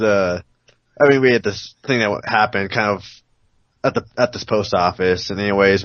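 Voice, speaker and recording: A man rambles through a story on a casual podcast call and swears freely. His voice is on the low side. The sound is dry and muffled, like a lo-fi call. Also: dry recording. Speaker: podcast co-host. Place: home on an online call.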